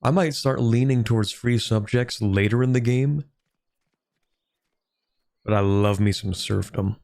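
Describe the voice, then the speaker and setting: A man's voice: mid-range voice, unhurried, creaky, a little mellow. A man streaming a strategy game, chatting casually, thinking aloud and answering viewers' questions. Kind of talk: casual gameplay commentary.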